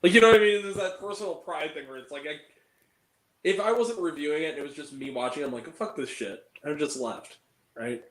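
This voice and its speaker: A man's voice: a little high, brisk, fairly bright tone, roomy sound, rough recording. A man hosting a movie review, ranting animatedly and swearing freely in casual chat.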